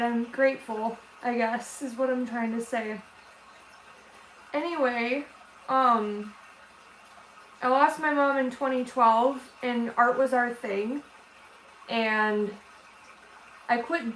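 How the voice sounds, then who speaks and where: A woman hosting a casual art livestream for her viewers, tearful, talking in a halting, emotional way with many restarts. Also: on the high side, fairly bright tone. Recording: roomy echo with faint background noise.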